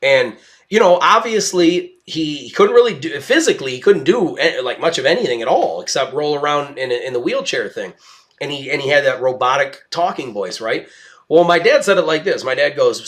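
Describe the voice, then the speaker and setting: Rambling young man with a higher voice. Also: lively intonation, normal speed, a bit bright. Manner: rambling and emphatic, with frequent restarts. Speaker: podcast host. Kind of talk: casual monologue. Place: at home with his dog.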